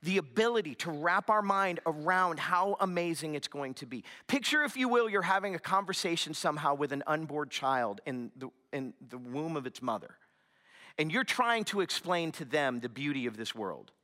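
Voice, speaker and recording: A young man preaching a sermon, telling a story in an animated, chatty way with lots of fillers. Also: sits high, moderate pace. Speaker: pastor.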